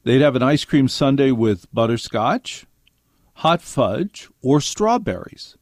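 A man's voice: mid-range voice, big pitch swings, slow pace, no echo, studio quality. An older man hosting a radio show, telling wry stories to his listeners and acting out quotes along the way. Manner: wry storytelling with acted quotes. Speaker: radio host. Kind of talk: monologue to listeners.

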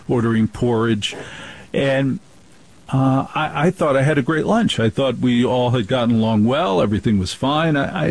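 A man's voice: mid-range voice, a little mellow, breathy edge, low-quality recording. A middle-aged man from New Jersey hosting a spoken-word radio show, telling blunt, rambling stories with wry asides. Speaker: radio talk host.

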